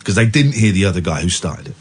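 A man hosting a radio show talks through a rough night with raw, animated feeling. His voice is husky and swings widely in pitch as he piles up restarts and repeats himself. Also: quick pace. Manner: emotional, animated retelling with restarts. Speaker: radio host. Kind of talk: candid storytelling chat.

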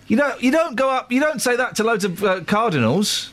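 A man's voice: very high voice, a little fast. A man hosting a radio show, joking and teasing his co-hosts in casual chat. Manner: jokey, teasing and animated.

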